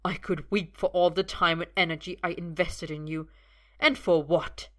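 A woman reading the part of a cold, contemptuous middle-aged father who holds a gun, speaking low and sneering. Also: steady tone, normal speed, fairly bright tone, lightly acted. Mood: cold contempt.

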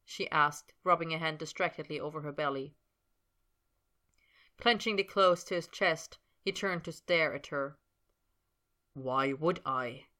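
A woman narrating a work of fiction as an audiobook, in a steady storytelling manner. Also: sits low, normal speed.

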